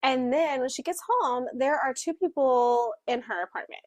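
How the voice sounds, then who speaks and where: Book club co-host, woman; slightly high voice, unhurried, lots of "like" and "um", dry close sound. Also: no echo. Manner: animated retelling with acted-out quotes, frequent fillers. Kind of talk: casual book club plot summary.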